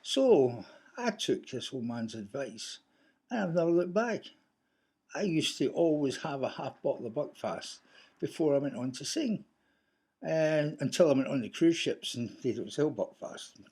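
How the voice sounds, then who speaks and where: A man's voice: on the high side, sing-song, a little slow, a little mellow, husky. A Scottish man talking casually to camera in a rambling, anecdotal way. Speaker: vlogger.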